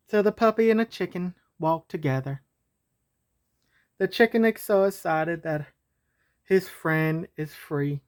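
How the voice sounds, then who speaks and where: A woman's voice: medium pitch, a little slow, pauses often. A woman telling a homemade story in a casual, meandering way. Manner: casual, meandering, with fillers and restarts.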